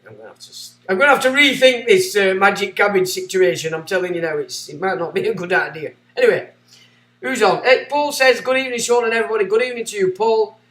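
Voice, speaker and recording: Ranting man, high voice. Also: brisk, recorded from a distance. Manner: ranting, sarcastic, swinging between loud and muttered. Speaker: livestream host. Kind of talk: casual livestream monologue, reading chat. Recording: echoey room.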